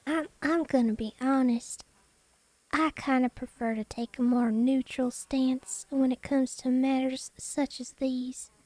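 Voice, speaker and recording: A woman plays a prim, polite traveler who chooses her words carefully. Her voice is fairly high and mellow, recorded dry and close. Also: fairly even intonation, a little slow, no room sound, rough recording. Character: polite cautious woman on a tour.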